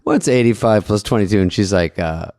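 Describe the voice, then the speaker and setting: A man co-hosting a casual podcast tells a rambling story a little fast, in a darkish tone. He acts out quotes in bursts with jumpy pitch, and the recording is dry with clean studio sound.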